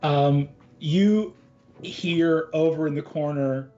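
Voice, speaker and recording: A man narrating a tabletop game as game master, slow and halting with many fillers. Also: fairly high pitch, warm tone. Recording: dull lo-fi with faint music.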